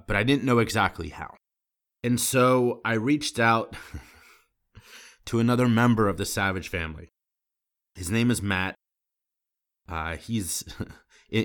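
A man hosting a podcast, emotional and choked up, talking haltingly with many restarts as he closes the season. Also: sits low, fairly bright tone, smooth. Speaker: podcast host. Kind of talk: emotional closing monologue.

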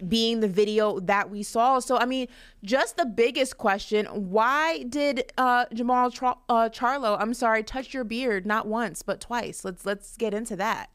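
A woman co-hosting a podcast, asking the guest questions in a measured, polite way. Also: on the high side, a bit bright, smooth. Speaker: podcast co-host. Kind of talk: casual podcast interview.

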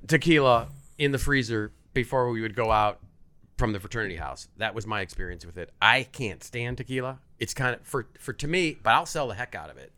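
Middle-aged man, liquor-trade guest, chatty, animated, bright. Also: mid-range voice, brisk. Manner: chatty, mimics pushy salespeople. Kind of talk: casual podcast chat.

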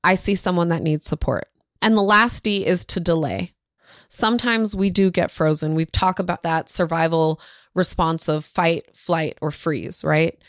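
A woman's voice: on the low side, no room sound, clean studio sound. A woman hosting a parenting podcast who gives earnest, direct advice and talks to her listeners as "y'all". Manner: direct, warmly instructive, addresses listeners as y'all.

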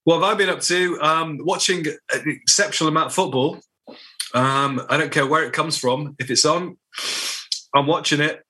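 A man's voice: a little high, moderate pace, sharp tone. A man co-hosting a football podcast, rambling casually through his views and often restarting his sentences. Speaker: podcast co-host.

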